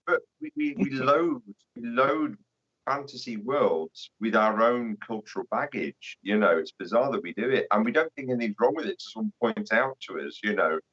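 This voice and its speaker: A man's voice: medium pitch, animated, moderate pace, fairly bright tone, husky. A man, a guest on a podcast, talking with wry dry humour over a muffled remote line. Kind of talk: casual chat.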